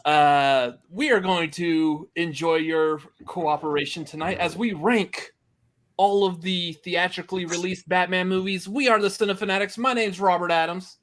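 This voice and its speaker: A man's voice: high-pitched, steady tone, moderate pace, fairly bright tone. A man hosting a podcast, joking and laughing often in casual chat. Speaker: podcast host.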